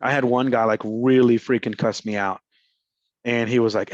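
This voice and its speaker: A man's voice: medium pitch, fairly even intonation, moderate pace, dry recording. A man from Houston, coaching real estate agents in a casual, slangy way and acting out phone calls. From Houston, Texas. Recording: slightly muffled dry recording.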